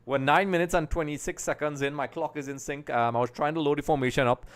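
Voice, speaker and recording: This middle-aged host from Trinidad and Tobago talks fast with few pauses in a voice on the high side. During his live football watch-along stream, he chats and greets viewers by name, reacting to the match and growing excitable at goals.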